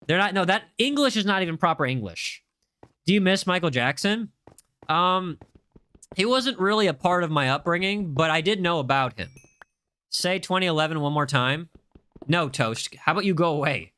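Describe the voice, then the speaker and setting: A man's voice: fairly high pitch, expressive, moderate pace, bright, forceful tone, clean tone, no room sound. A young man live-streaming a game, chatting casually and reading viewer comments aloud with a jokey, rambling manner. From United States. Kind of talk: casual live-stream chat while gaming.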